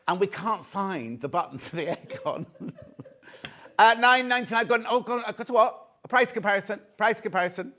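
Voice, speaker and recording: A man's voice: sits high, animated, a little fast, bright, forceful tone. Chatty, camp male shopping-TV host. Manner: chatty, camp and jokey, reads out viewer messages. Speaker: shopping channel presenter. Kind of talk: live TV shopping chat.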